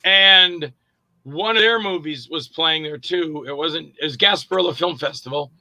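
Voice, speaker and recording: A middle-aged man, an actor and director, telling anecdotes in a casual interview, animated and acting out quoted voices. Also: a little high, normal speed, no echo, rough recording.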